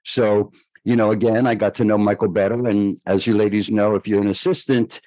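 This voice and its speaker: An older man with a lowish voice recounts his career in a relaxed, chatty interview, animated and quick to laugh. The sound is dry and close, with no room echo. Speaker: guest choreographer. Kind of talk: storytelling interview.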